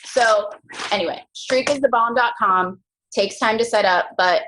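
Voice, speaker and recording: A young woman leading a team coaching call, chatty and animated, full of slang and quick asides. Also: noisy background. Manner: animated, chatty, slangy, jumps into high mock voices. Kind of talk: casual motivational team call.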